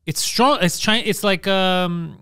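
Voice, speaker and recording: A man hosting a comedy podcast, brash and quick to roast his friends with crude jabs. His voice sits high and sounds smooth and resonant. It comes across dry, as in a small podcast studio. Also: pushed and bright, dry recording. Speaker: podcast host. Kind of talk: casual comedy podcast banter.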